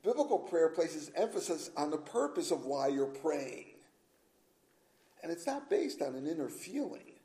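A pastor preaching an earnest sermon, stressing each point with repeated phrases and slowing down to read scripture aloud. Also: male voice, on the high side, very animated, dark tone, low-quality recording.

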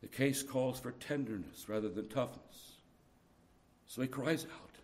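A middle-aged man preaching a sermon, moving from soft, tender passages to loud, urgent appeals. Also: mid-range voice, measured pace.

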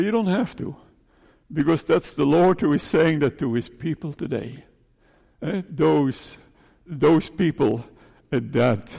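A man's voice: a little high, creaky, a little mellow. A male pastor with a Dutch accent, preaching a pleading sermon in church, repeating his phrases and adding "eh?" asides. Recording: long church reverb.

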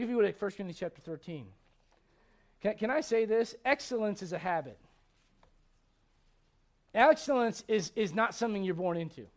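Male pastor with a very high voice, preaching a lively, emphatic sermon. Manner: emphatic, conversational, acts out quotes and asides, frequent restarts.

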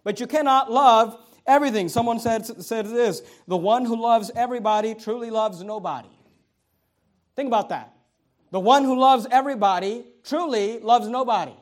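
A middle-aged man delivers a sermon in a notably high voice. He drives home his points by repeating them and breaks off for friendly asides to the congregation. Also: moderate pace. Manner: emphatic preaching with repeated phrases and asides to the congregation. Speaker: pastor.

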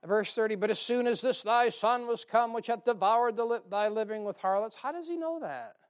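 A man's voice: very high voice, animated, fairly quick, clean tone. A man preaching a sermon, reading old-style scripture aloud and cracking sarcastic jokes with many rhetorical questions to the congregation.

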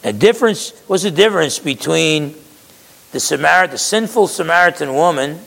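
A man's voice: on the high side, expressive, moderate pace, gravelly, a bit bright, long reverb tail, low-quality recording. A man preaching a sermon in a conversational way, acting out quotes and often restarting his words.

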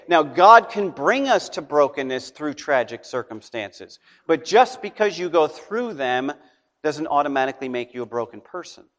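A man's voice: fairly high pitch, a bit bright, long reverb tail. A man preaching a sermon in a conversational way, often checking in with his listeners. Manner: conversational preaching with frequent "okay?" check-ins. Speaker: pastor.

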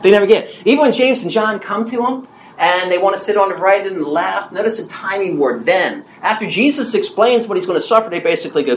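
A man in his sixties preaching a sermon with emphasis, asking the audience questions and repeating key phrases slowly. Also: sits high, expressive, echoey room, slight background noise, rough recording. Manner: asks the audience questions and answers them.

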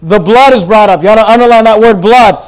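A man with a strikingly high voice is teaching through a Bible passage verse by verse. His tone is smooth and clear. He repeats words, restarts his phrases and tells the congregation what to underline. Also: quick pace, poor audio. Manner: repeats words and restarts, reads scripture aloud, directs listeners to underline. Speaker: preacher.

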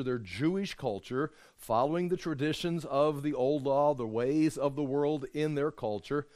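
A man delivers an informal Bible study sermon in a slightly high voice. He talks conversationally and with emphasis, stopping and restarting phrases as he works through his points. The sound is dry and close, with no room echo. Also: darkish tone. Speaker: Bible teacher.

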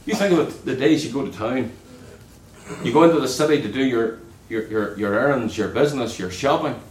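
A man preaching a sermon in an earnest way, dropping low and soft on key words. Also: fairly quick, reverberant, poor audio.

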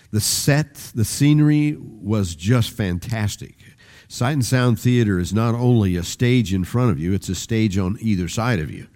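Older male pastor, warm low-bright tone, chatty sermon delivery with shifting emphasis. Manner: rambling, conversational, with restarts and varied emphasis.

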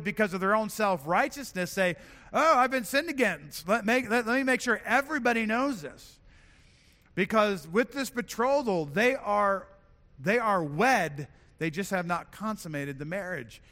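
High, bright-voiced man preaching in a hall. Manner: earnest, self-correcting, repeats words while building points. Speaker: pastor. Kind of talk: sermon.

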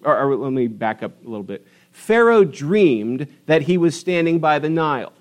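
A man's voice: a little high, very animated. A middle-aged man preaching a sermon in a church, telling stories and stretching out words for emphasis. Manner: storytelling, emphatic drawn-out stresses. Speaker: pastor. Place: church sanctuary.

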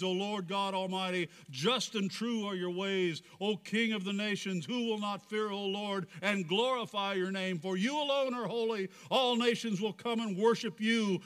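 A man's voice: high voice, fairly bright tone, big-room sound. A man preaching a sermon, reading scripture aloud with rising fervor. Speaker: pastor.

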